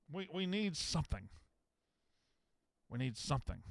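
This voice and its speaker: A man's voice: fairly high pitch, sing-song, slow, vocal fry, dry recording. A man hosting a live sports call-in show, blunt and profane, often exasperated with callers. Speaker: sports betting show host.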